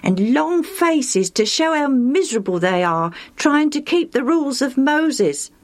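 A woman's voice: high voice, very animated, unhurried, pitched above the performer's own voice. A woman voicing a blunt, mocking young man in a storybook reading.

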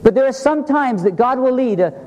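A man's voice: extremely high pitch, expressive, brisk, darkish tone, big-room sound, highs cut off. A man pastor preaching a sermon, telling a personal story in an earnest way with quoted dialogue and rhetorical questions.

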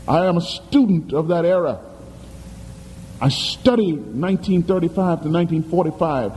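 A male pastor preaches with dramatic emphasis, his voice swooping from high to low. The tone is mellow and dark, and it carries through an echoey hall over faint background ambience. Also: animated, normal speed, slight background noise. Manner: dramatic, emphatic, questions the congregation. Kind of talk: sermon.

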